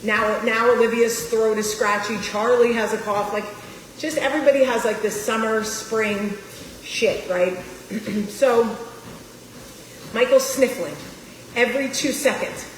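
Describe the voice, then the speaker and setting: A woman in her forties, from New Jersey, tells a personal story to her viewers, her voice sitting a little high. She speaks in a confiding, emphatic, emotional way. The recording rings with a roomy, long reverb over faint ambience. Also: fairly even intonation, unhurried, a little hiss or hum. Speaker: vlogger. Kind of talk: casual storytelling to camera.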